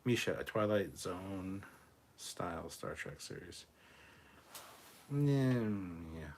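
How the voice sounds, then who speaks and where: A man hosting a casual livestream, reading viewer comments aloud and answering them in a relaxed, off-the-cuff way, swearing freely. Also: low-pitched, unhurried, gravelly, slight background noise. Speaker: livestream host reading chat. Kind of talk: casual live chat.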